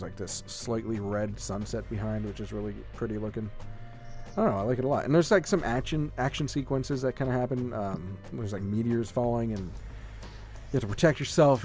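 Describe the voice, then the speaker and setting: A man co-hosting a casual gaming podcast, rambling with lots of fillers and getting excited about what he likes. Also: medium pitch. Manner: rambling, filler-heavy, enthusiastic. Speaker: podcast co-host. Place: home room with a shelf of collectibles.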